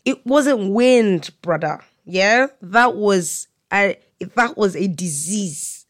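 A podcast host telling funny childhood stories in an animated way, often laughing and playing up the drama. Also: medium pitch, takes it slowly, no room sound, studio quality. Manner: animated, laughing, comic exaggeration. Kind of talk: solo storytelling chat. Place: hotel room.

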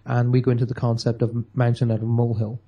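A man's voice: medium pitch, monotone, quick pace, lo-fi sound. A man giving an emphatic motivational talk, acting out quotes in a radio-style chat. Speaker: guest speaker.

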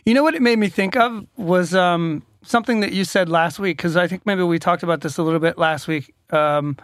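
A man's voice: high-pitched, brisk, fairly bright tone, no echo, studio quality. A man co-hosting a casual talk show, asking questions and often repeating words as he gathers his thoughts. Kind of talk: casual chat.

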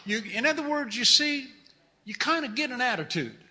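A man's voice: extremely high pitch, big pitch swings, normal speed, pushed and bright. A middle-aged man preaching a fervent sermon as pastor, repeating his phrases and calling out hallelujahs. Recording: long reverb of a large hall.

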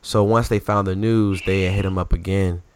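A man chatting casually about sports as a podcast co-host, telling stories in an animated, slangy way. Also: deep voice, normal speed, clean tone, dry recording.

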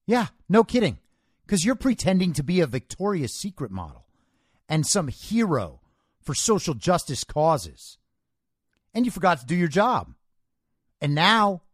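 A man's voice: on the high side, no room sound, clean studio sound. A man hosting a podcast, giving an opinionated political commentary monologue. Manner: opinionated, emphatic. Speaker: podcast host.

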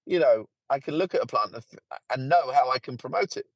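A man appears as a guest on a podcast for a casual conversation; he is a plant marketer and author. His mid-range voice is husky and slightly breathy, swooping up and down a lot as he talks a little fast in a lively, chatty way and laughs easily. The recording is dry and close, with no echo or room sound.

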